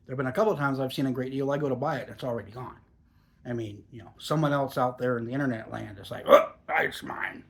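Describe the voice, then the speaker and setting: A man's voice: mid-range voice, fast talker, gravelly. A man in his forties talking in a chatty, rambling, easygoing way while reviewing a product for a casual vlog.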